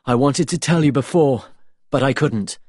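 A man's voice: medium pitch, moderate pace, a little mellow, no room sound, clean studio sound, voice pushed up, close to an everyday voice. A man voicing a bold, loyal young blacksmith with an earnest manner. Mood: tender.

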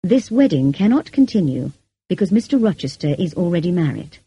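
A woman reading the lines of a calm, formal male lawyer in an audiobook, speaking quietly and evenly. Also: on the low side, brisk, breathy edge, no echo, full character voice.

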